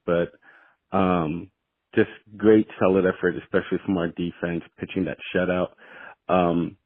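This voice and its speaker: A tired male caller with a deep voice who talks in an easygoing way and fills his pauses. He comes through on a tinny, dry phone line. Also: no room sound. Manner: easygoing, with frequent fillers. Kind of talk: call-in to a sports show.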